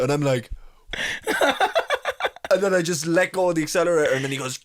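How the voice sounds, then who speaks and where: A young man on a podcast telling a funny story in casual chat, animated and swearing freely, often breaking into laughter. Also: a little high, quick pace, long pauses, over loud music. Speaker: podcast co-host.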